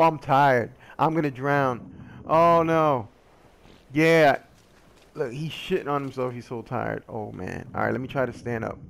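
A man's voice: mid-range voice, vocal fry, slight background noise. A man giving casual, rambling commentary while playing a survival game, joking at his own expense and yelping when something attacks him. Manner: rambling, joking, easily sidetracked; excitable, yelps when attacked.

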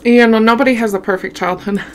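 A woman's voice: a little high, fairly even intonation, quick pace, slight background noise. A young woman from Wyoming telling a childhood story to her viewers in a chatty way, calling them y'all and laughing often. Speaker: mukbang vlogger.

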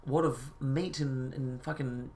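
A man's voice: medium pitch, steady tone, takes it slowly, darkish tone. A swearing, exasperated man ranting. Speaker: reaction video host. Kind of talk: ranting commentary.

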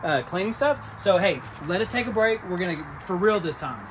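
A man hosting a storage unit vlog, talking loudly and excitedly to his viewers as he digs through boxes. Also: sits high, a little fast. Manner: loud, excitable, talks to viewers. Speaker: storage unit reseller host. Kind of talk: excited casual vlog chat. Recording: loud background noise.

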